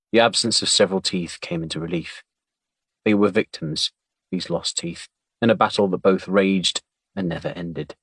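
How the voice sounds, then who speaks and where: A man narrating an audiobook in a measured, wry storytelling manner. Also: sits low, fairly bright tone, no room sound.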